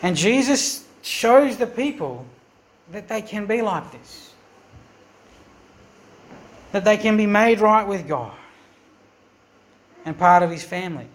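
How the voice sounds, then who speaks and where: A man's voice: high-pitched, animated, slow pace, pauses often, reverberant. A man preaching a sermon as pastor, earnest and emphatic, often asking the congregation questions. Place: church.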